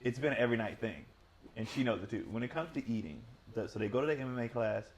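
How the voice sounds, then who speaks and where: A man hosting a podcast, telling a parenting story in casual chat. He talks fast, swears freely and bursts into loud shouts when he quotes himself. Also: medium pitch, animated, slight background noise. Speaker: podcast host, father.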